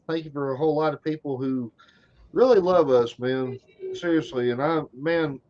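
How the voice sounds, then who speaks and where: A man in his thirties co-hosts a casual livestream. He jokes loudly, swears constantly and drops Southern slang. His voice sits fairly high, and the stream audio is dull and lo-fi. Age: 30s. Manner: loud, profane, joking, Southern slang. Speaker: co-host.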